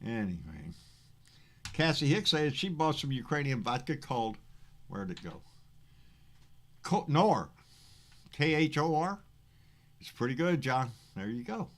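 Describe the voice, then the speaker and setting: A man's voice: mid-range voice, sing-song, a little slow, long pauses, a bit bright. A man with a Texan accent hosting a casual political livestream, reading chat comments aloud. He rambles, swears freely and stammers over repeated words. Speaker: livestream host.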